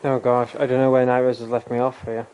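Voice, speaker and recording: A man's voice: medium pitch, completely flat delivery, quick pace, a little mellow, smooth. A young man streaming a game, rambling casually with self-deprecating laughs. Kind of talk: casual live gameplay chat.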